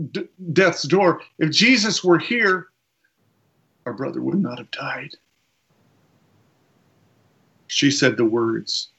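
A man's voice: mid-range voice, creaky. Man preaching, dull lo-fi sound. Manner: retells a story with quoted voices, slows for emphasis. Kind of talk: sermon storytelling.

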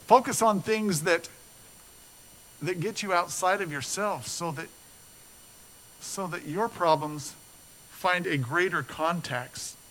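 Older guy preaching, kinda high voice, tells stories then goes quiet and soft, bit of hiss. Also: takes it slowly, pauses often, poor audio. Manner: earnest storytelling preacher, rising animated then dropping low and soft. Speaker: pastor. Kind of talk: sermon.

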